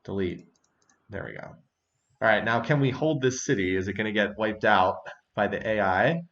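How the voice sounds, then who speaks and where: A man's voice: on the low side, normal speed, fairly bright tone, highs cut off. A man hosting a strategy game session, chatting casually, thinking aloud and laughing often. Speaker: let's-play host. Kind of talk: casual gameplay commentary.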